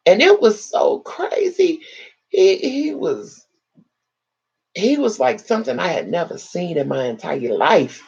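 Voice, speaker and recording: Raspy woman telling a hard story. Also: medium pitch, slow, highs cut off. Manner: dramatic, animated retelling with acted-out quotes. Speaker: live video host. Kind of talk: emotional personal storytelling to live viewers. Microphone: live video chat setup.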